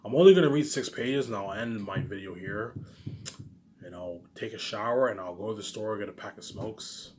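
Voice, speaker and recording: A man's voice: on the low side, moderate pace, darkish tone, slight background noise. A man vlogging from home in a rambling, boastful monologue, often repeating himself and restarting. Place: home, noise upstairs.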